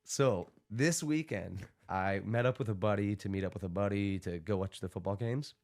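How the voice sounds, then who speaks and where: A man's voice: on the low side, normal speed, a little mellow. A young man, a podcast guest, telling a story casually, rambling and laughing through it with many fillers.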